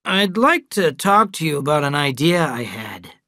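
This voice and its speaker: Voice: mid-range voice, very animated, normal speed, bright, forceful tone, no room sound, clean studio sound. A storyteller voicing an earnest grown man who eagerly shares a business idea, in a storybook reading for language learners.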